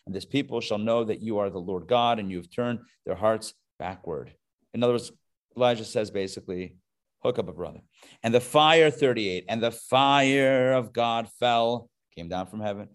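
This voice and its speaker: A man teaching a text study class, reading verses aloud and breaking in with wry, joking comments. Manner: animated, jumps in pitch for emphasis. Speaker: Torah teacher.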